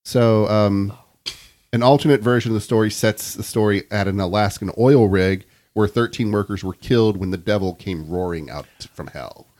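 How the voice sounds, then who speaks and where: Man, low voice, podcast host, reads a spooky story from notes, laughs a lot. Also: normal speed, a little mellow. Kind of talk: casual chat, reading a story aloud.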